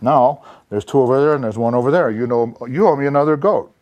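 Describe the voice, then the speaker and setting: A man's voice: mid-range voice, fast, no echo, muffled recording, lightly acted. A man playing an ancient street hustler who runs a cups and balls game on a corner, with brash, needling sales patter. He keeps close to his own everyday voice. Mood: hustling.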